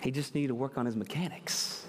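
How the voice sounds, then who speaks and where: A man preaching a sermon, moving between quiet storytelling and loud, fervent preaching. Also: medium pitch, fairly even intonation, fairly quick, slight background noise. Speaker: pastor. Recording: reverberant hall with faint ambience.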